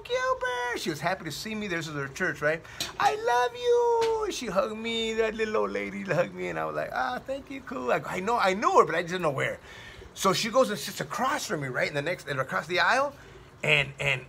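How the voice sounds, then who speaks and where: A comedian telling a casual story in an animated, slangy way, full of "man" and "dude". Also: sits high, creaky, slight background noise.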